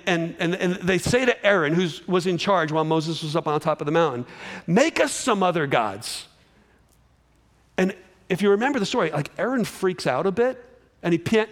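Animated high-voiced male preacher. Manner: animated storytelling with repeated restarts. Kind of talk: sermon.

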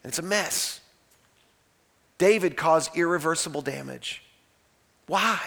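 High-voiced male pastor preaching. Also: measured pace, gravelly. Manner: dramatic retelling, swings from loud to hushed. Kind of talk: sermon.

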